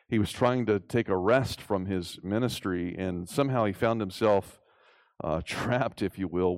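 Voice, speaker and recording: A man's voice: deep voice, gravelly, darkish tone, no echo, studio quality. A man preaching a sermon in an earnest, emphatic way, rising in force when he reads quoted passages.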